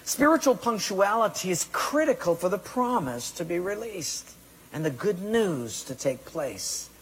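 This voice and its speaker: A man's voice: high-pitched, sing-song, measured pace, a little hiss or hum. A man preaching a sermon emphatically, acting out people's excuses and God's commands in quoted voices. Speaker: pastor. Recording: long hall reverb.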